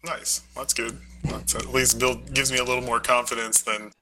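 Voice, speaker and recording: Male player, bantering and joking, sharp bright tone. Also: medium pitch, little pitch movement, moderate pace, a little hiss or hum, poor audio. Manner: joking, banter-filled in character. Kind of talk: tabletop game play.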